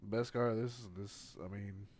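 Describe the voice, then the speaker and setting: A man's voice: lowish voice, fairly even intonation, normal speed, darkish tone, slight background noise. A man playing a tabletop game, talking in a dry, sarcastic way. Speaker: player. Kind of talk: casual tabletop play.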